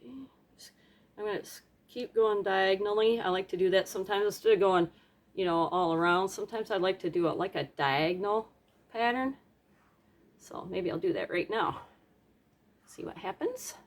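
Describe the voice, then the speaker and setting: A woman's voice: mid-range voice, brisk. Woman chatting while she does a paint pour, goofy little sound effects, laid back home craft vibe. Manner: chatty, self-deprecating, hums and makes playful sound effects. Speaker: craft vlogger. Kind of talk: casual narration while painting.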